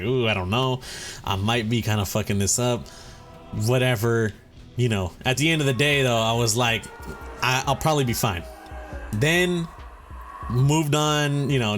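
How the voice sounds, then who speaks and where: Young male gaming host, mid-pitch voice, tired and rambling, faint music underneath. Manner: rambling, animated storytelling with acted-out quotes. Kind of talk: casual chat over gameplay.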